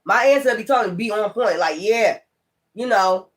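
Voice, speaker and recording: A man's voice: sits high, moderate pace, a bit bright. A man, a tarot reader, talking in a rambling, profane and emphatic way in a casual spiritual vlog monologue.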